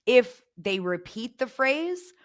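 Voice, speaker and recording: A woman's voice: fairly high pitch, big pitch swings, takes it slowly. A middle-aged woman hosting a parenting podcast, coaching listeners and acting out example phrases to say to a child. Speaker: podcast host.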